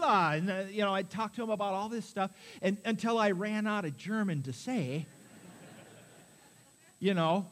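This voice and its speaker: A man preaching a sermon as pastor to his congregation, lively and quizzing the listeners with questions. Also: high voice, moderate pace. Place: church.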